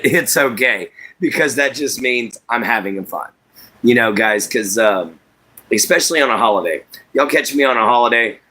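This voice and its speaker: A man's voice: medium pitch, bright, forceful tone. A man hosting a casual livestream, rambling in a folksy way, laughing often as he reads and answers viewer chat.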